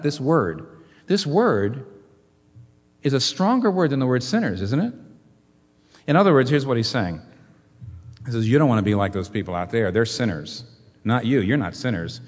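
A man preaching a sermon as a pastor, animated, firing rhetorical questions at his listeners. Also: medium pitch, big-room sound.

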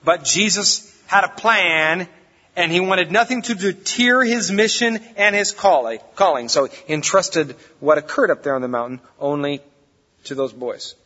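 Bright-voiced pastor in a reverberant hall. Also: male voice, high-pitched, lively intonation, normal speed. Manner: conversational, folksy preaching. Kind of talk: sermon. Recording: reverberant hall, dull lo-fi sound.

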